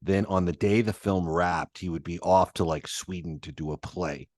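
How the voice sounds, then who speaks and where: Deep-voiced male interview host. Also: moderate pace, a little mellow, no echo, studio quality. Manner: rambling anecdotes, laughs often, swears. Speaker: podcast host. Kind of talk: casual interview chat.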